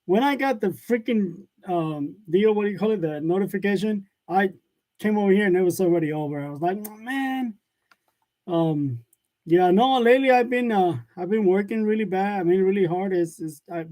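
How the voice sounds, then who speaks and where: A man's voice: high voice, lively intonation, moderate pace, warm tone. A man hosting a casual live chat from his workshop, reading comments aloud, joking and laughing often. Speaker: live-stream host of a print shop channel. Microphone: wireless lavalier.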